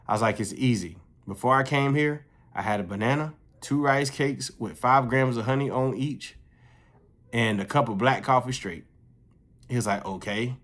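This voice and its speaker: A young man telling a casual story, profane and animated, jumping his voice up high when he quotes others. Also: moderate pace.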